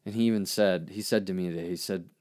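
A man hosting a podcast, reflecting earnestly on his own poem in a halting way, with many restarts and fillers. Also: sits low, steady tone, darkish tone. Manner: earnest and searching. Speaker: podcast host and therapist.

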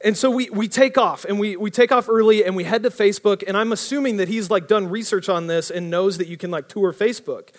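A young man preaching a casual storytelling sermon, animated and rambling, often breaking off mid-sentence. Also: high-pitched, brisk, few pauses. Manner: animated, rambling, self-interrupting.

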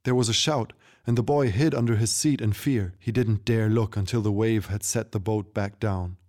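A male storyteller with a low voice reading a fantasy tale aloud. His delivery is measured and steady, scripted like an audiobook. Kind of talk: scripted narration.

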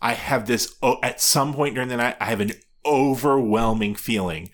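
A man co-hosting a casual chat, recounting a reality show in a soft, rambling way. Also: mid-range voice, normal speed. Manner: rambling, soft-spoken, frequent restarts. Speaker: podcast co-host.

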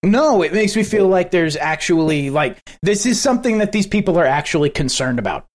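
Lively-voiced podcast co-host in casual chat. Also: mid-range voice. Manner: halting, restarts while searching for words.

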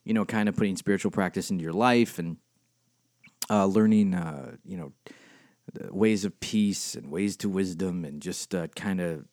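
A middle-aged man with a lowish voice chats on his podcast in a rambling, relaxed way. He fills gaps with "uh" and "man" and laughs easily. The sound is close and dry, with no room around it. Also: normal speed, no room sound. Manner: rambling, chatty, many fillers, laughs easily. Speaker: spiritual director and life coach. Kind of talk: casual solo podcast talk. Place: home studio at a computer, typing heard.

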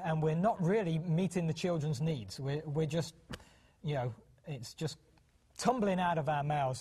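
A man's voice: on the high side, a little mellow, slightly rough. A middle-aged British man co-hosting a parenting program, talking casually with many restarts and acting out quoted voices. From United Kingdom. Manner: chatty, hesitant restarts, acts out quoted voices. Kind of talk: casual television talk.

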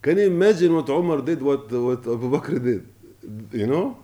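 Impassioned preacher, man, mellow voice. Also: medium pitch, expressive. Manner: impassioned, rising and falling, recites Arabic quickly. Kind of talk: Ramadan sermon.

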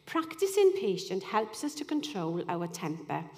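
A woman delivers a sermon in an earnest, chatty way, often pausing for a "you know." Her voice sits at an ordinary middle pitch. A long reverb trails each phrase, as in a large hall. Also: big pitch swings, darkish tone. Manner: earnest, conversational, with frequent "you know" asides. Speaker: speaker giving a devotional talk.

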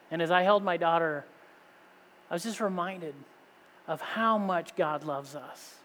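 A man's voice: a little high, unhurried, pauses often, fairly bright tone. A man in his thirties, a pastor, preaching a sermon with rising rhetorical questions. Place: church sanctuary. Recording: long reverb of a large hall.

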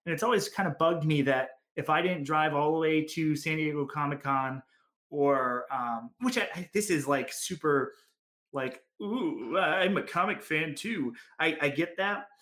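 Podcast co-host, male, slightly high voice, rambling and enthusiastic. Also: normal speed, fairly bright tone. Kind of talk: casual chat.

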